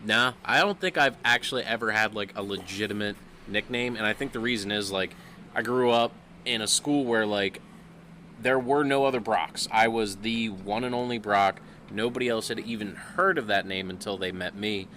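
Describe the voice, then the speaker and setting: A young man with a bright, forceful voice cracks dry, teasing jokes in a casual podcast chat. Faint noise hums under the recording. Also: on the low side, moderate pace. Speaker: podcast co-host.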